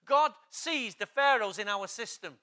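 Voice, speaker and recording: A male pastor, preaching an urgent, exhorting sermon that builds to loud, emphatic passages. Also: extremely high pitch, expressive, a little slow.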